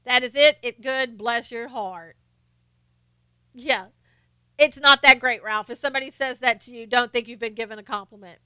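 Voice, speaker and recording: A woman with a faint Southern accent hosts a casual live stream, reading viewer comments aloud and chatting. Her voice sits high and crisp, with a smooth, clear tone. She laughs easily, and the sound is dry and close. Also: steady tone, bright, forceful tone, dry recording. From North Carolina, US. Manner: chatty, laughs often, slows down to mimic quotes.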